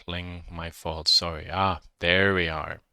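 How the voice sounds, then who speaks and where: A man with a German accent teaching a software modeling lesson, thinking aloud and correcting himself as he works. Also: low voice, level tone, slow, clear, resonant tone, dry recording, clean studio sound. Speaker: instructor.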